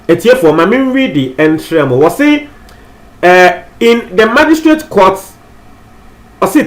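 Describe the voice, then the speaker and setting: A man's voice: high voice, sing-song, a little slow. A Ghanaian man presenting entertainment news in a chatty, casual way, switching between languages and repeating phrases for emphasis.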